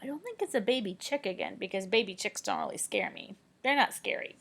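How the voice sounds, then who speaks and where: A woman teacher reading a picture book aloud to children, playful and animated, with dramatic gasps and hushed whispered questions. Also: medium pitch, fairly quick, gravelly, breathy edge. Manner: drops to whispers when asking questions.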